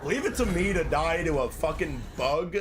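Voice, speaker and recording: A man's voice: on the high side, lively intonation, normal speed, background noise. A man streaming a game live, swearing in frustration and chatting with his viewers. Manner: profane, exasperated, chatting with viewers. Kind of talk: live gameplay commentary.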